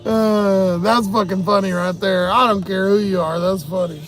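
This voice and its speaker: A man's voice: high voice, steady tone, normal speed, fairly bright tone, soft background music. A man chatting on a live stream, telling a story in a loose, profane way and laughing often. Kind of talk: casual livestream storytelling.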